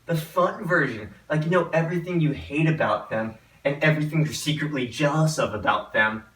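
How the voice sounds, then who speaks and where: A man's voice: a little high, brisk, a bit bright, lightly acted. A man playing a cocky male team representative with swaggering trash talk, in an echoey room. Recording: roomy echo, mic at a distance.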